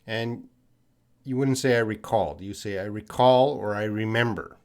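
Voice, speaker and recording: In a lowish, slightly mellow voice, a Canadian English teacher fields viewers' questions on a live stream. He explains things patiently and slowly repeats words for learners.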